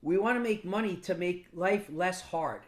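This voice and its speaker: A man's voice: high-pitched, normal speed. A man telling motivational stories to a mastermind group, casual and blunt with some swearing, often restarting and repeating words. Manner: casual, blunt, with mild profanity. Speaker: business mentor speaking to a mastermind group. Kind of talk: motivational storytelling talk.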